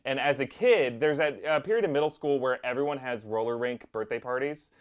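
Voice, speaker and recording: Animated man telling stories on a video call. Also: mid-range voice, fairly quick, clear, resonant tone. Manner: animated storyteller, acts out voices. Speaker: co-host. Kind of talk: casual chat.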